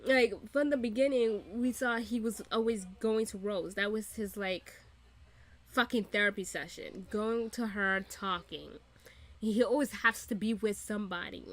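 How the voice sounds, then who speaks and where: A woman's voice: mid-range voice, a little slow. A woman giving casual reaction commentary, emphatic and repetitive, laughing often and swearing freely. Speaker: reaction channel host.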